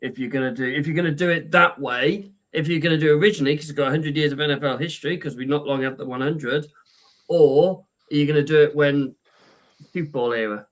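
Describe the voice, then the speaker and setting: A British man taking part in a podcast quiz, his voice slightly high for a man. He hedges his guesses with "um"s and fires back quick jokes at the host. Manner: joking, hesitant guesses. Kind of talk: casual quiz banter.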